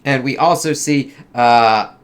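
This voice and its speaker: A man's voice: medium pitch, slow, smooth. A man giving a casual, rambling movie review, swearing freely and acting out quotes in a raised voice.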